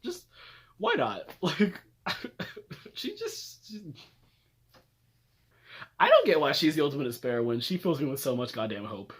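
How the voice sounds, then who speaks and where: A man's voice: a little slow, long pauses, breathy edge. A young man ranting comedically about favorite characters, swearing, laughing and talking dramatically. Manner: animated, swearing, laughing, dramatic jumps up in pitch. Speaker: video creator reviewing characters. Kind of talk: comedic casual rant.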